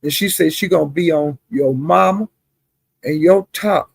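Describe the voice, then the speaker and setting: On a live stream with a streaming setup, a woman chats casually about online drama, greeting viewers by name and calling them honey and child in her gossip commentary. Her voice is low, gravelly and breathy-edged, at a measured pace, and the recording is dry.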